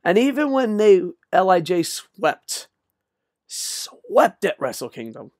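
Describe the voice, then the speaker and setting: A man's voice: high-pitched, sing-song, takes it slowly, no echo, clean studio sound. An older man ranting, exasperated and sarcastic, with frequent profanity, in a solo video. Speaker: wrestling commentator.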